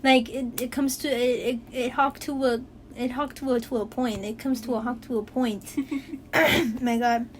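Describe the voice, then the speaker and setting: Casting: young woman, high-ish voice, animated storyteller, slight background hiss. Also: normal speed. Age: young adult. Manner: animated storyteller, acts out quotes, swears freely. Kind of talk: casual chat.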